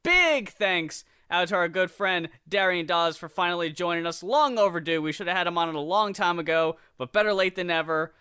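A man's voice: high-pitched, animated, moderate pace, hardly any pauses, sharp tone, clean tone. A man co-hosting a podcast, joining in with joking, sarcastic banter in casual chat. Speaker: podcast co-host.

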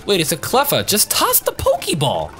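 Excitable young man commenting on a game. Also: sits high, moderate pace, soft background music. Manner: excitable, crude, joking. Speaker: gaming YouTuber. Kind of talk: let's play commentary.

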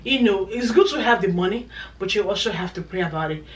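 A woman's voice: medium pitch, lively intonation, fast. Chatty woman, echoey and distant. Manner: chatty, emphatic, repeats herself. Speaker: vlogger. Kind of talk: casual chat to camera.

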